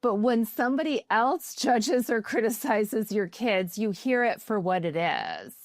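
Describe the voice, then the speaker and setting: A middle-aged woman co-hosting a parenting chat, calm and reflective, often affirming her partner. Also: on the high side, a little slow, no echo, studio quality. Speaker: podcast co-host. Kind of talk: casual chat.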